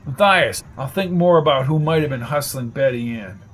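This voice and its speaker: A man's voice: medium pitch, normal speed, a bit bright, breathy edge. A man voicing a wry friend with dry, teasing remarks.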